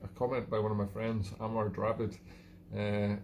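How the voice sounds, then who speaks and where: A Scottish man hosts his own live stream, chatting casually in a rambling, self-mocking way and often chuckling at himself. His voice is fairly low and a little mellow, with a level tone at normal speed, and there's a bit of hiss or hum.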